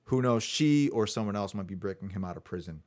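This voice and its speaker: A man's voice: lowish voice, lively intonation, fairly quick, a little mellow. Chatty male podcast host. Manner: chatty, runs through a list of notes with fillers. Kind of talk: casual podcast recap.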